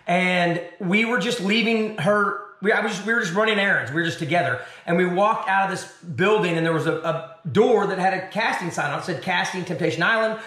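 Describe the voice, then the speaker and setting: A man's voice: high-pitched, fairly quick, few pauses, reverberant. A man from Arkansas, a television host, telling his story as an interview guest and acting out the people in it. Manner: animated storyteller acting out other voices.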